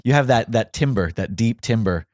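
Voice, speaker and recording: A man from New York hosting a podcast, animated and fast-talking, chatting casually and laughing often. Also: lowish voice, no echo, clean studio sound. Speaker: podcast host.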